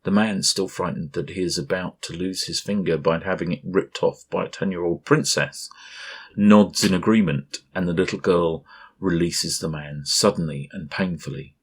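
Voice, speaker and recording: Deep husky male storyteller. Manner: calm, measured reading. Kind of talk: scripted storybook narration.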